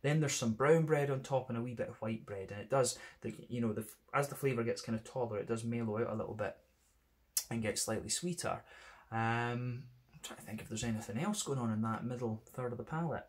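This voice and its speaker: A man's voice: mid-range voice, brisk. A man with a Scottish accent reviewing beer in a casual, rambling monologue, full of "kind of" and "sort of" fillers.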